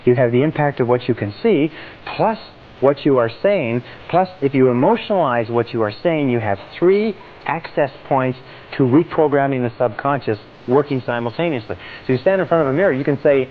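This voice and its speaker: Emphatic man giving a seminar talk. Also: mid-range voice. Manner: emphatic, repeats phrases with changing stress. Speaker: seminar speaker. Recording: tinny, phone-like with faint noise.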